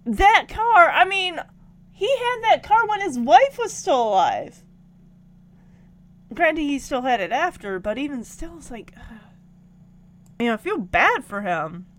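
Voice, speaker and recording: A woman telling stories casually to camera, animated and emotional, breaking into laughs and sighs. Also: high-pitched, slow pace, pauses often. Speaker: vlogger.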